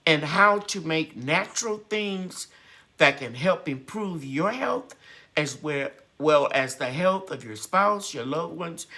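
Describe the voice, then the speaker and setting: Woman, gardening host on live chat, unhurried, heartfelt and encouraging. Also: lowish voice, a bit bright.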